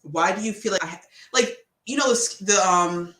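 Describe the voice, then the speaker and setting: A woman's voice: medium pitch, normal speed, fairly bright tone. A woman podcast host giving a casual motivational talk, chatty and slangy, who laughs often. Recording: roomy echo.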